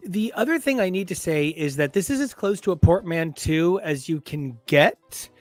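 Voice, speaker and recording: A man's voice: on the high side, expressive, moderate pace, no room sound, soft background music. A man co-hosting a casual podcast, joking and making puns in a playful way. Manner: jokey, punning, playful. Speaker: podcast co-host. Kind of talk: casual comics discussion.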